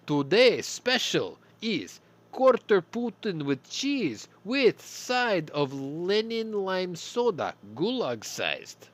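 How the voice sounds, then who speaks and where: A man voicing a pushy male Soviet fast-food cashier in broken English, with a bad fake Russian accent. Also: wildly swooping pitch, exaggerated voice. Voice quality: broken English, high and loud.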